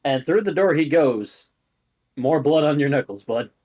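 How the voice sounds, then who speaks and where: Casual, lively male game master. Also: fairly high pitch, normal speed, highs cut off. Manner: casual, many fillers. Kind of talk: narrating a tabletop game.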